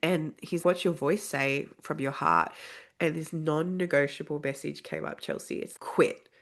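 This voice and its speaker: A woman's voice: low-pitched, unhurried. A woman guest on a podcast, telling a personal story in a casual way and acting out the other people's lines as she goes. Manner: animated, acts out quoted dialogue.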